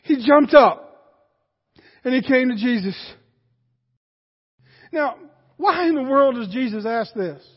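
Male pastor, sermon, animated, shouts and hushed asides, dull sound, long hall echo. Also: very high-pitched, slow pace, pauses often, slightly rough.

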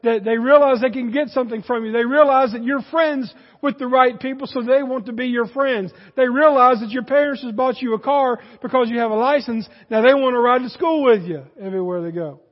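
A man preaching a sermon, animated, rising in force and then dropping low for emphasis. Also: fairly quick, hardly any pauses, long reverb tail, muffled recording. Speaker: pastor.

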